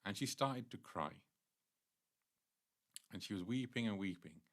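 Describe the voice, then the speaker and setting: A man's voice: on the low side, expressive, unhurried. A man giving a devotional temple class, earnestly retelling scripture stories at length.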